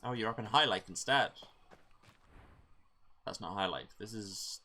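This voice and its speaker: A man's voice: on the low side, a little slow, sharp tone. A man giving gameplay commentary with wry, self-mocking asides. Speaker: let's play gamer.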